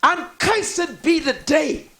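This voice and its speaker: High, gravelly older Bahamian man preaching his point. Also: lively intonation, takes it slowly, low-quality recording. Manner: emphatic storyteller, preachy, rises into shouts. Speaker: guest. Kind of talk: talk radio discussion.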